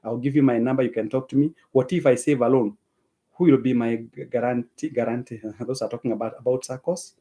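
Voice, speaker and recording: A man's voice: mid-range voice, steady tone, brisk, warm tone. A man with a Kenyan accent hosts a live stream and reads out viewers' names and comments, thanking each of them and slipping between English and Swahili. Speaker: livestream host reading viewer comments.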